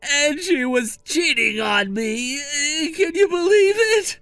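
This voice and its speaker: A man's voice: a little high, very animated, slow pace, dry recording, heavily acted. A man voicing a selfish, entitled adult brother who talks bluntly, in a dry recording with faint music behind. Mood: upset. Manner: blunt and entitled, turns pleading and shouting.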